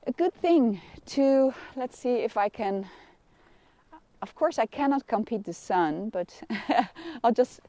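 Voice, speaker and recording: Warm-voiced Dutch woman guiding gently. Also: a little high, expressive, takes it slowly, no echo. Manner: gentle, soothing guidance with frequent soft laughs. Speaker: kinesiologist. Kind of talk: live-streamed wellness lesson.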